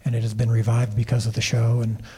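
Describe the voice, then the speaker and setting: A man tells animated anecdotes as a guest on a convention stage, often restarting his sentences. His voice is mellow and a little husky. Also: medium pitch, fast. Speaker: TV series creator and director, interview guest. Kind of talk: storytelling interview on a convention stage.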